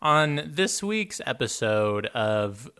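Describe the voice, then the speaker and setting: A man co-hosting a podcast with a bright, forward tone. He chats casually and jokes, swearing now and then. His pitch is ordinary for a man. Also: big pitch swings, slow pace, smooth. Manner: joking, laughs often, swears casually. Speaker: podcast co-host. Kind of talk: casual chat.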